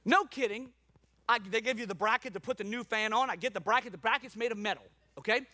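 A man preaching a sermon with a high, bright voice. He tells his story in an animated, self-mocking way, full of repeated asides, before turning to an earnest message. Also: fast talker. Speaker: pastor.

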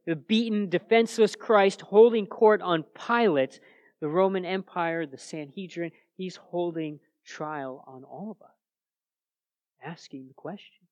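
A man with a fairly high voice preaches a sermon in a relaxed, conversational way. He often restarts his phrases and drives his points home with emphatic rhetorical questions. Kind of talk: expository sermon.

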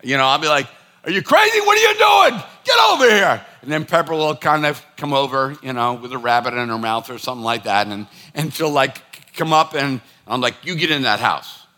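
A man preaching a sermon, telling stories in an animated, conversational way. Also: mid-range voice, fairly quick, hardly any pauses. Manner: animated storytelling, acts out scolding his dog.

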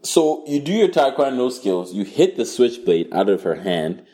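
A man running an improvised storytelling game as game master, crude, profane and animated. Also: mid-range voice, moderate pace.

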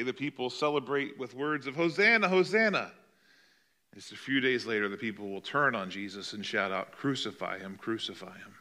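A man preaching a sermon, dramatic and expressive, acting out the voices of the people he quotes. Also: mid-range voice. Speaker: pastor.

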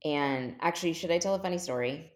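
Low-voiced woman telling a wild story. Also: fast talker. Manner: animated, jumps into quoted voices. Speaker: podcast guest. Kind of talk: casual storytelling.

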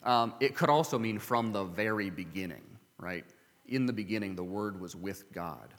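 A man's voice: on the low side, expressive, normal speed. A man preaching a sermon, earnestly reading scripture and asking his listeners rhetorical questions. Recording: long hall reverb.

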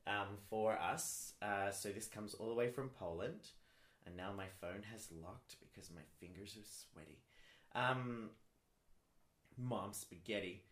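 Slow, bright-voiced man with lively pitch. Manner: lively, drawn-out delivery with frequent fillers. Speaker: podcast co-host. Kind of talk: casual comedic chat. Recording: echoey room.

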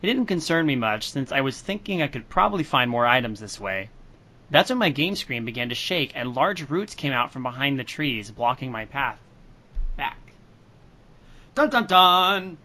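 A man co-hosting a podcast, reading a story and chatting casually in an animated way. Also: mid-range voice, brisk. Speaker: podcast co-host, reader.

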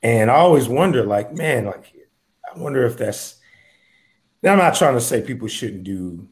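A man's voice: medium pitch, animated, normal speed. A man from the United States hosting a casual chat, reflective and rambling with many fillers. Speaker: host, comedian.

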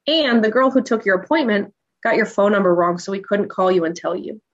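A woman in her thirties tells her own story as a podcast guest. She is emotional and animated and acts out the lines of the people in it. The recording sounds dull and lo-fi. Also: mid-range voice, fairly quick. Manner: emotional, animated retelling with acted-out dialogue. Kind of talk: personal storytelling in an interview.

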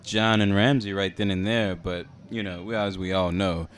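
A man's voice: low voice, fairly even intonation, normal speed, clean tone. A man co-hosting a casual podcast, laid-back, often laughing and trailing off with fillers. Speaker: podcast co-host. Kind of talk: casual chat.

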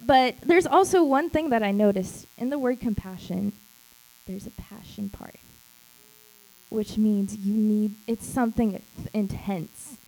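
A woman's voice: mid-range voice, a little slow, darkish tone, smooth, low-quality recording. A woman who leads a small group, giving an emphatic church teaching talk. She repeats key phrases and acts out quoted lines.

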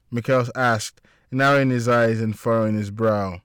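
A man narrating an audiobook chapter in a steady, plain storytelling voice. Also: fairly low pitch, normal speed, no echo, studio quality.

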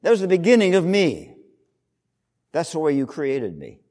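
A male pastor preaching a sermon, teaching in an explanatory way with emphatic rises and soft trailing drops. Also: fairly high pitch, huge pitch swings, moderate pace, in a large hall.

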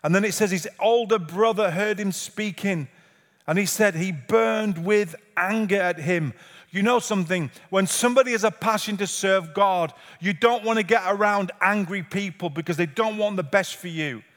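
High-voiced male pastor preaching in a church. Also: normal speed, a bit bright. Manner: earnest, repetitive preaching with rhetorical questions. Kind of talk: sermon. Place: church sanctuary. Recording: reverberant church hall.

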